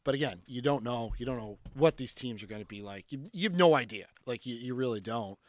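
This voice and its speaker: Animated casual male storyteller. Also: medium pitch, a little fast, no echo. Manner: animated storyteller, heavy filler "like", swears freely. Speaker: podcast guest.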